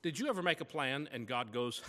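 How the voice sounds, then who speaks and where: A man's voice: medium pitch, lively intonation, a little fast, sharp tone, big-room sound. A man preaching a sermon as pastor, telling personal stories in a conversational way.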